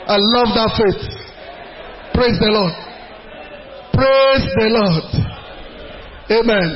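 A Nigerian man preaching a sermon as pastor, emphatic and repetitive, rising to shouts. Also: high voice, drawn-out words, a faint crowd. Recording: dull lo-fi recording, faint hiss.

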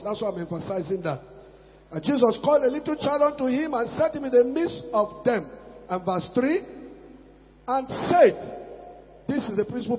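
High-voiced emphatic preacher man in echoing hall. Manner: emphatic, repeats key words, swings between loud and soft. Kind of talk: sermon. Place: church hall. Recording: dull recording in a long-echoing hall.

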